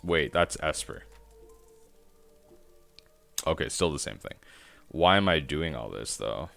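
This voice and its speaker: A man's voice: rumbling low, expressive, takes it slowly, vocal fry, a bit bright, faint music behind. A man streaming a card game, thinking aloud in rambling self-talk as he plays. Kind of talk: live-stream gameplay commentary.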